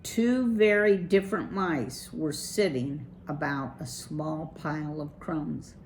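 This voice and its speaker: Brief: woman reading a kids' chapter book aloud, unhurried, lowish voice. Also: a little hiss or hum, poor audio. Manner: measured, expressive reading. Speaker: children's story reader.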